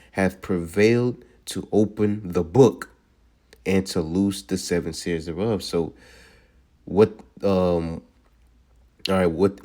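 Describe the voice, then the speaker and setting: A man teaching from scripture in a sermon, reading verses slowly and breaking them up with "all right" before he explains them. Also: low-pitched, darkish tone. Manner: reads verses slowly, repeats "all right" between points. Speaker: preacher.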